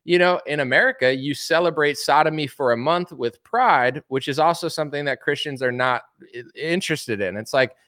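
A man's voice: medium pitch, fairly bright tone, dry recording, clean studio sound. A man hosting a casual opinion commentary, talking bluntly and asking one rhetorical question after another. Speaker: commentary show host.

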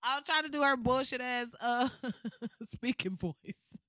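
In a dry, clean studio recording, a woman with a high-sitting voice and a somewhat slow pace goes on a casual comedic rant. She's animated and profane, laughs often, and acts out what people would say.

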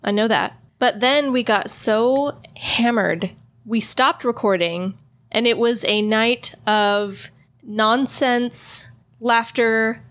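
A woman's voice: on the high side, slow, fairly bright tone. A woman co-hosting a casual podcast, teasing her co-host and laughing often. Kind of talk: casual drinking banter.

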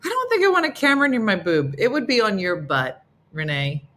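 A woman's voice: medium pitch, very animated, fairly quick, a bit bright. A woman hosting a casual comedic morning show, playful and teasing, often laughing as she talks.

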